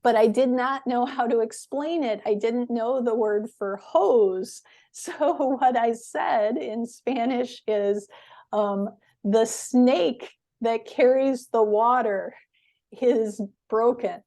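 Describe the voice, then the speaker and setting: A woman teaching English in a webinar, explaining words slowly and patiently with clear stress. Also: a little high, warm tone.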